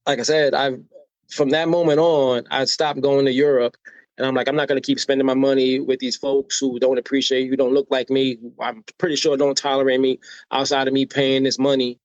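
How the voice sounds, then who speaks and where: A man's voice: mid-range voice, flat delivery, brisk, no echo, dull audio. An American man being interviewed on a podcast. He tells personal stories with energy and acts out the voices of people he quotes, often adding "right?" to draw the listener in. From United States. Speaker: podcast guest.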